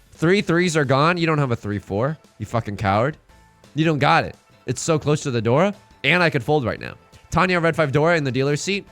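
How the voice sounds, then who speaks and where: A man streaming a mahjong game and bantering with his chat in a hyped, self-mocking way, building up jokes and reacting loudly to risky plays. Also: on the high side, expressive, fairly quick, creaky, soft background music. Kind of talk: live-streamed mahjong commentary.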